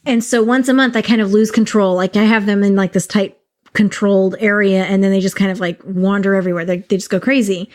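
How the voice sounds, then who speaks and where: A middle-aged woman co-hosting a podcast, talking in a rambling, animated way and swearing freely. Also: medium pitch, brisk. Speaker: podcast co-host. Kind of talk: casual chat.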